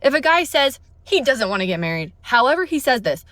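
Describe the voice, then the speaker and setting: A woman's voice: a little high, very animated, normal speed, few pauses, a bit bright, no echo, clean studio sound. A woman giving firm, direct dating advice, going through points one by one. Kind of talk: advice monologue to camera.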